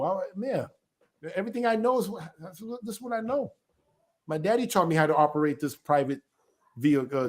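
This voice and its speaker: A man, an elder of a small ministry, teaching his viewers informally and emphatically, often asking a rhetorical question and then answering it himself. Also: sits high.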